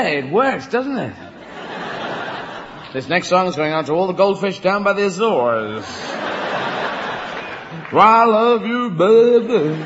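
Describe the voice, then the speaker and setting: A man's voice: a little high, noisy background. Rambling stand-up man, live hall. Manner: rambling, playful, many restarts. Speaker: stand-up comedian. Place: large live venue. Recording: lo-fi live hall recording with crowd. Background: audience laughter and ambience.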